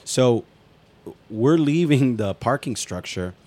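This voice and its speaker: A man's voice: mid-range voice, slow pace. A man co-hosting a casual talk show, telling a story with lots of swearing and acted-out quotes. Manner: profane, animated storyteller acting out quotes. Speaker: podcast co-host.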